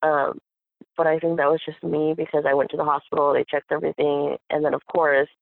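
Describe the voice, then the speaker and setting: A young woman telling a personal story in a casual chat, animated and acting out what others said, with frequent laughs. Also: low-pitched, fairly quick, gravelly, no echo. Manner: animated, acts out quoted voices, laughs often. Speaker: guest. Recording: tinny phone-like audio.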